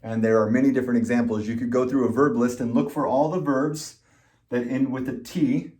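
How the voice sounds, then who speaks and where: A man teaching English pronunciation, speaking slowly and patiently, repeating words and spelling out letters. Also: mid-range voice, fairly even intonation, a little mellow. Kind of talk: slow, deliberate pronunciation lesson.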